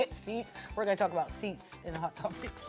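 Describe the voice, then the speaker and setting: A woman in her forties with a Jamaican accent, co-hosting a morning TV show in a lively, playful way and slipping into patois. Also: medium pitch, normal speed, soft background music. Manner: animated, playful, switches into patois. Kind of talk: lively studio chat and news reading. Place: TV studio.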